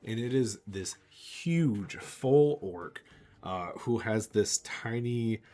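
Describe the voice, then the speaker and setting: A man narrating a tabletop game as game master, lively and slipping into character voices. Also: lowish voice, slow. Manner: animated, jumps into character voices.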